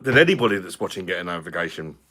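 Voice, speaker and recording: A man's voice: deep voice, very animated, racing, pushed and bright. A man from London with a British accent, chatting casually on a live stream and answering viewer comments. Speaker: beer review channel host.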